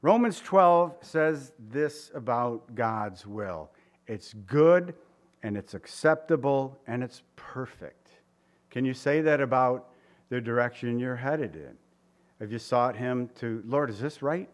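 A man's voice: medium pitch, slow pace. A man preaching a conversational sermon, asking his listeners questions and voicing quotes. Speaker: pastor.

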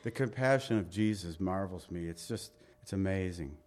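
At a normal pace, a male pastor delivers an earnest sermon, posing rhetorical questions to the congregation. His delivery swings between loud emphasis and soft, low passages.

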